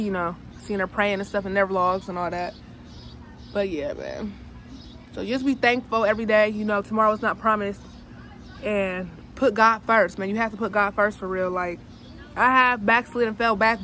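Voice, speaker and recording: A woman's voice: medium pitch, bright, forceful tone, a little hiss or hum. A young woman talking casually and emotionally to her viewers, calling them y'all, while filming outdoors. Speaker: vlogger. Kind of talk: casual heartfelt vlog talk.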